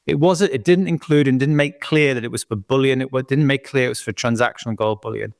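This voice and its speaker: A man's voice: medium pitch, fast talker, creaky, dry recording. British male guest expert, eager explainer, dry close mic. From United Kingdom. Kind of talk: interview conversation.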